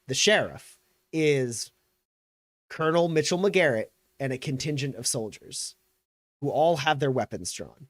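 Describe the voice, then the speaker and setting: Male game master, narrating, halting, filler-heavy, mid pitch. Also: no room sound, clean studio sound. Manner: loose, halting, with many fillers.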